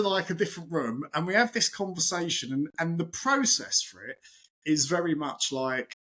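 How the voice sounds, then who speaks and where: A man, his voice sitting a little higher than most men's. He talks as a podcast guest in easy, casual chat. He tells animated stories and slips into the voices of the people in them. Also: a little fast. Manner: animated anecdotal storytelling, acts out quoted voices.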